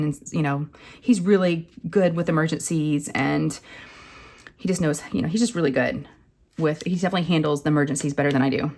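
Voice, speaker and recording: A woman, rambling and animated as she tells a story to camera. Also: low-pitched, quick pace. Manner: chatty, rambling, animated retelling with acted quotes. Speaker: craft channel host.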